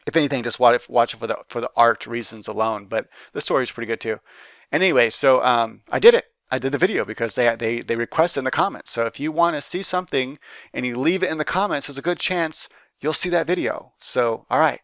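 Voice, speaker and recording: Man, casual giveaway chat, rambling, upbeat, medium pitch, dry room. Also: fast, fairly bright tone, no echo. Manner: rambling, upbeat, many fillers and restarts. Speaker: art teacher and YouTube host.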